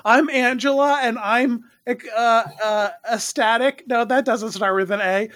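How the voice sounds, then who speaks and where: A playful, animated man co-hosting a casual chat who laughs easily. His voice is quite high and bright in tone. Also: measured pace. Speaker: podcast co-host.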